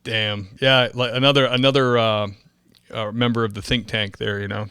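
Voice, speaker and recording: A man's voice: medium pitch, level tone, normal speed, sharp tone, smooth, dry recording, clean studio sound. A man hosting a casual interview, laughing easily and reacting to his guest. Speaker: podcast host.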